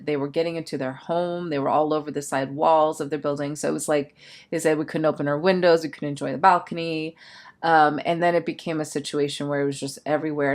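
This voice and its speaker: A woman talking as a change management coach in a candid, self-reflective personal vlog, thinking aloud. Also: deep voice.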